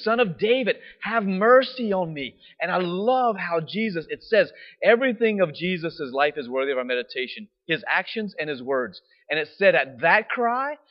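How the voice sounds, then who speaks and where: Animated male preacher, dull lo-fi sound. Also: a little high. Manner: animated storytelling, often asking "right?"; drops to a soft, slow voice for reflective points. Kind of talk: sermon. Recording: dull lo-fi recording.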